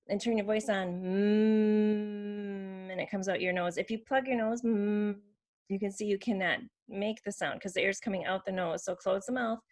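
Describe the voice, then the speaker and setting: A woman explaining and demonstrating letter sounds for teaching children, modelling each sound. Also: medium pitch. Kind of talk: instructional explanation.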